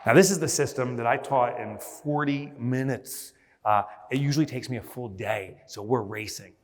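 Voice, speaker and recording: A man's voice: medium pitch, moderate pace. A man giving a motivational business keynote on a conference stage, telling stories with energy and acting out scenes. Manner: energetic storyteller, mimics and shouts when acting out scenes. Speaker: keynote speaker. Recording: long hall reverb.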